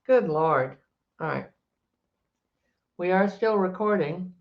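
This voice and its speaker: An older woman, a psychic and energy healer, talking in a loud, chatty, rambling way from her home office, often breaking off mid-sentence. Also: lowish voice, expressive, slow pace, muffled recording. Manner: chatty, rambling, self-interrupting; loud, emphatic. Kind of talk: casual unscripted monologue to camera.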